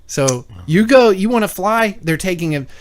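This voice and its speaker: A man's voice: high voice, lively intonation, moderate pace, a little hiss or hum. A man co-hosting a call-in talk show, telling a long story in casual chat, swearing and acting out both sides of conversations. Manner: rambling storyteller, swears, acts out dialogue.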